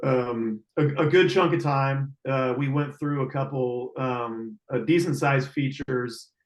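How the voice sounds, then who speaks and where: A man telling a river rescue story in casual, halting speech full of fillers and restarts, heard over a video call. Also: medium pitch, reverberant, low-quality recording.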